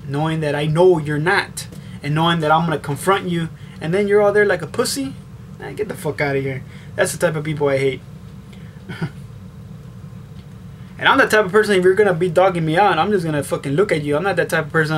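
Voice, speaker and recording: A young man with a somewhat high voice talks casually to his camera, blunt and loaded with swearing. He rambles, circling back with fillers as he goes. A faint hiss of room noise sits under the recording. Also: a bit bright. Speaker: vlogger answering tag questions. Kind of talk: casual chat.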